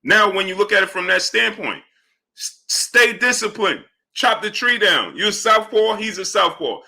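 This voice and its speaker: A man running a live boxing stream, his voice bright and sharp and pitched a little high for a man. He rattles off analysis in an animated way, punctuating it with "right?" and "you understand?", then drops into low mumbled shout-outs to viewers. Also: moderate pace, vocal fry. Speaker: livestream host.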